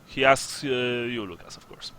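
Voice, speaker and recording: Bright-voiced male game master. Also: mid-range voice. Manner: halting, fills with uh and all right, slips into a gruff sergeant voice. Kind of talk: narrating a tabletop game and voicing characters.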